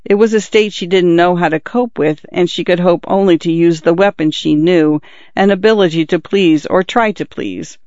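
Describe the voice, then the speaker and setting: A man's voice: high-pitched, a little mellow, no room sound. Man reading a literary audiobook. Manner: measured, reflective reading. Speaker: audiobook narrator. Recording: dull dry recording.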